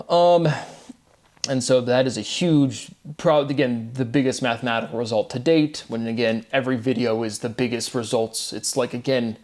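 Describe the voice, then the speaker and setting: A man's voice: mid-range voice, a little mellow. A man talking off the cuff in a monologue video, rambling and grandiose, restarting sentences and tagging them with "right?". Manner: grandiose, bursts of short laughter. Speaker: video creator. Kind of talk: unscripted monologue on math theory.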